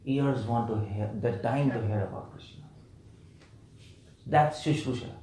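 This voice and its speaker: A little slow and warm, this mid-range male voice carries a scripture lecture through a temple hall's spacious echo, with a bit of hiss or hum in the recording. He puts questions to the live crowd and playfully repeats words for emphasis.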